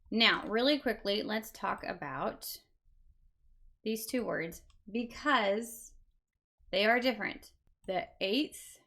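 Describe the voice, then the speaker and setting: A woman's voice: medium pitch, fairly bright tone. A woman teaching a beginner Japanese lesson, patiently repeating each word for learners. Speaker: language teacher.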